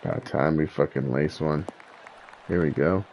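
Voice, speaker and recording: A man's voice: extremely low pitch, normal speed, creaky, muffled recording, a faint crowd, slight background noise. A young man telling a story in casual chat, rambling and profane, with lots of stammered restarts. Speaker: podcast host telling a story.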